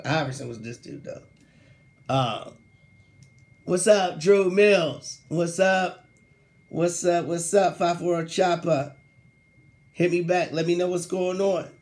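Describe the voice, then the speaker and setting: A young man hosting a sports talk show, ranting casually with slang, laughing mid-sentence and mocking quoted players in a lower voice. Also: darkish tone. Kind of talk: casual solo sports rant.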